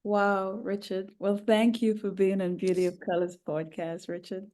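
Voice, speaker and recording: A woman hosting an interview, thanking her guest and asking questions in a gentle, affirming way. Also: mid-range voice, little pitch movement, measured pace. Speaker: podcast host.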